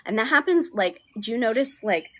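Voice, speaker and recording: A woman coaching viewers on manifestation in a soft, affectionate live-stream talk, often sinking to near-whispers. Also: fairly high pitch, expressive, a little fast. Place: outdoors.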